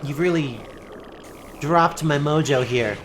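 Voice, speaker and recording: A woman streaming a video game live, chatting with viewers and yelling at the game when it goes wrong. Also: low-pitched, slow, noisy background. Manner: excitable, yells at the game, then apologizes. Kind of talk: live gameplay commentary.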